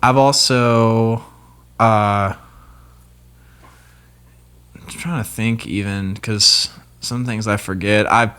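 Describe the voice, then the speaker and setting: A man's voice: lowish voice, fairly even intonation, slow, long pauses, sharp tone, smooth. A young man, a guest guitarist, talking in a laid-back, rambling way with many fillers. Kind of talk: casual chat.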